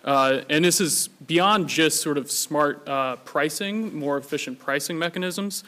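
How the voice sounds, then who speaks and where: A man speaking as a policy analyst on a panel, explaining points in a brisk way with frequent "uh" fillers. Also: a little high, sharp tone. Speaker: think-tank analyst, panelist. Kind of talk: panel discussion.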